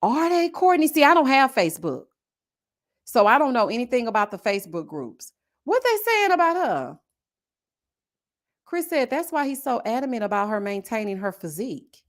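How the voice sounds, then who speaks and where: A woman with a Southern US accent hosting a casual live-stream review, reading viewer comments and answering with sassy, animated asides. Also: fairly high pitch, moderate pace. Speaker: reality TV review host. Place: home setup with a desk mic.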